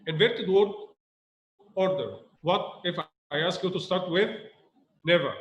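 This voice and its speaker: High-voiced man teaching grammar, echoey room. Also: measured pace, lo-fi sound. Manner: repeats points, asks students rhetorical questions. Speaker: English teacher. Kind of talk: recorded grammar lesson.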